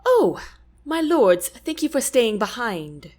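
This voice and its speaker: A commanding young queen who speaks with formal, regal phrasing. Her voice sits fairly high and moves a lot in pitch, as a woman narrator puts her on. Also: big pitch swings, slow pace, a little mellow, exaggerated voice. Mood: brisk.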